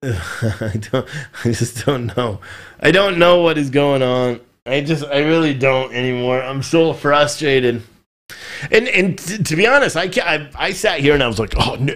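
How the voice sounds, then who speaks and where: A man's voice: mid-range voice, fairly bright tone. A man hosting a live political commentary show, talking in a frustrated, rambling way and often repeating himself. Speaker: podcast host.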